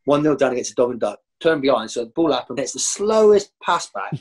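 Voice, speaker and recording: A man, a former professional footballer, telling rowdy stories as a guest and jumping high in pitch when he acts out other people. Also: fast. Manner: animated, jumps high when acting out others. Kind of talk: anecdotal storytelling.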